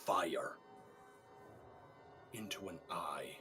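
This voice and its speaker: Slow, dramatic game master narrating. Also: male voice, deep voice, expressive, over music. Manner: dramatic, measured storytelling.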